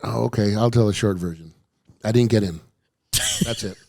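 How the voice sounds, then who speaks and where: A man's voice: on the low side, normal speed, gravelly, warm tone. A man who is a stand-up comedian guest, telling rambling stories on a radio show and acting out quoted voices. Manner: rambling, self-interrupting, acts out quoted voices. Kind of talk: casual storytelling chat. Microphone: studio headphones and mic.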